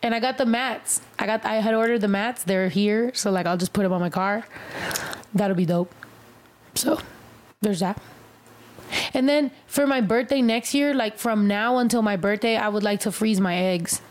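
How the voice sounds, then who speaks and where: A woman's voice: mid-range voice, normal speed. A young woman chatting casually with family on a livestream, blunt and swearing, switching between English and Spanish. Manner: blunt, profane, mock-sulky. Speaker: live streamer. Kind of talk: casual bilingual family chat.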